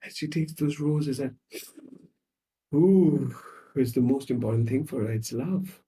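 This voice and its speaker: A man, a psychologist guest on a podcast, tells stories dramatically and acts out the scenes, swinging between loud and soft. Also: mid-range voice, normal speed. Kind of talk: podcast conversation.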